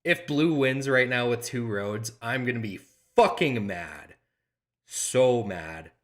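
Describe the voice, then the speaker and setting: A man's voice: fairly low pitch, fairly bright tone. A man streaming a board game online, reacting aloud to the play, frustrated and swearing as he talks. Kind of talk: live game commentary.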